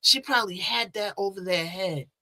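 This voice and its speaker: Woman host, bright voice, casual and talky, tosses in rhetorical questions. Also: mid-range voice, normal speed. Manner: chatty, conversational, rhetorical asides. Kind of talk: casual commentary on a news case.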